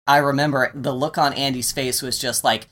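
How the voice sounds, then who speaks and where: Mid-pitched man, casual interview storyteller, relaxed and conversational. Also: normal speed. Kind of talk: personal storytelling.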